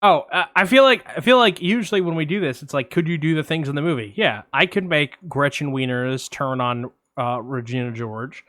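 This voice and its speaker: A young man co-hosting a casual film podcast, joking and boastful, talking in quick bursts with fillers. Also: a little high, a bit bright, dry recording. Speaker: podcast co-host.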